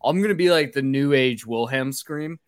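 A man's voice: mid-range voice, normal speed, no echo, clean studio sound. A man co-hosting a podcast, recapping a film plot with wry, sarcastic asides. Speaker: podcast co-host. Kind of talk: casual chat recapping a film.

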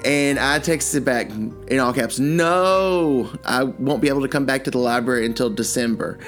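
An older man co-hosting a podcast, telling stories in a rambling, animated way with many restarts. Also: medium pitch, moderate pace, soft background music. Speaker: podcast co-host. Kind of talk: casual chat.

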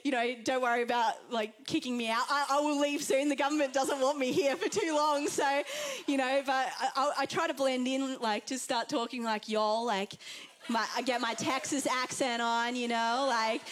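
A woman's voice: high-pitched, steady tone, normal speed. A young Australian woman preaching an earnest, chatty Pentecostal sermon to a congregation. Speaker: guest preacher.

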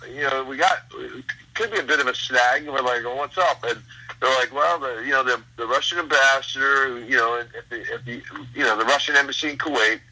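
Older male guest, 60s, husky and bright-voiced; loose, meandering anecdotes full of restarts. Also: mid-range voice, fairly quick, poor audio. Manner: rambling, many fillers and restarts, chuckles. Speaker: guest, former pro wrestler. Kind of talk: casual storytelling interview.

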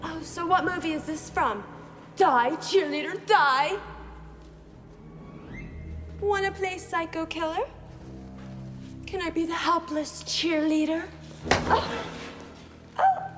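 A sassy, mocking teen cheerleader. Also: female voice, extremely high pitch, lively intonation, slow, long pauses, heavily acted. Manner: mocking, sarcastic. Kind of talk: horror comedy film acting. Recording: echoey film scene with music.

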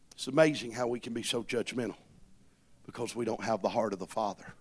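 A man's voice: mid-range voice, expressive, a little fast, slightly rough. A man preaching a sermon as pastor, impassioned, calling on the congregation to repeat his words.

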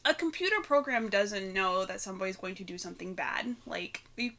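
A woman's voice: medium pitch, lively intonation, a little fast, bright, forceful tone. A woman co-hosting a casual podcast, talking through a film with blunt, opinionated remarks and the odd swear. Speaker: podcast co-host. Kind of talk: casual film recap chat.

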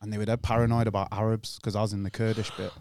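Fast-talking laughing young English guy. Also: lowish voice, little pitch movement, darkish tone, no echo. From England. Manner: rambling storyteller, laughs often, swears freely. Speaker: guest. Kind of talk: casual podcast chat. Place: podcast studio.

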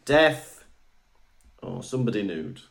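A man's voice: lowish voice, sing-song, slow, creaky. A man co-hosting a podcast, chatting in a jokey, casual way. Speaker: podcast co-host. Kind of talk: casual chat.

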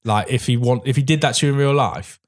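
A man in a loose podcast chat, speaking at a middling pitch and wandering through his points with lots of "like" and "you know". He swears freely and easily, restarting sentences as he goes. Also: quick pace. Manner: swears casually, rambling with many fillers. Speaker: podcast co-host. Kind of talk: casual chat.

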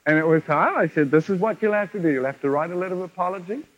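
A man's voice: sits high, very fast. A man preaching at a revival meeting, telling stories and acting out the dialogue with chuckles. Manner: animated, acts out quoted dialogue, chuckles often. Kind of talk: revival sermon with storytelling. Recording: lo-fi 1970s tape of a live meeting.

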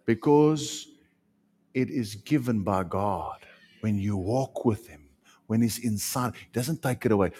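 A man preaching a sermon, swinging between loud emphatic lines and hushed ones. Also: on the low side, unhurried, slightly rough.

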